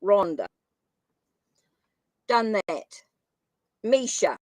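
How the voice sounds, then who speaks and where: Extremely slow yet very animated, a woman with a medium-pitched, slightly mellow voice hosts a live tarot reading, apologizing and musing aloud while typing viewers' names in a casual chat. She says she has a funny accent. The audio is poor but without echo.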